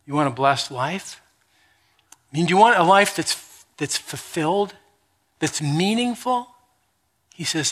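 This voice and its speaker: A man preaching a sermon, reading scripture and then telling stories with lively quoted voices. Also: a little high, moderate pace. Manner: animated storytelling with quoted voices. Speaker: pastor.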